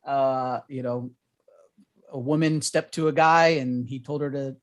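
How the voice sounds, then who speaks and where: A man's voice: mid-range voice, steady tone, a little slow. A man hosting a casual sports podcast, leading topics in a loose, profane way. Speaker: podcast host.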